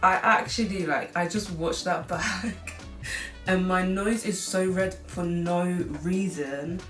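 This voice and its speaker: A woman's voice: on the low side, slow pace, a bit bright. A young woman in her late teens, chatting casually through a cooking vlog in a rambling way, filling her talk with "like". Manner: chatty and rambling, heavy use of "like". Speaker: cooking vlogger. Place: home kitchen, seated at the counter. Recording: echoey room, far from mic, music behind.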